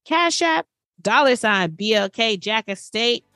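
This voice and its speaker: A woman co-hosting a podcast, reading sponsor shout-outs in a lively, animated way. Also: measured pace, no echo, studio quality, faint music behind. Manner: lively, animated, swings her pitch high and low. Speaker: podcast co-host.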